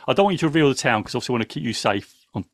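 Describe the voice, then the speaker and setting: A man's voice: medium pitch, lively intonation, racing, no echo, studio quality. A man hosting a casual live podcast, giddy and rambling, talking over his co-hosts after some wine. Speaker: podcast host.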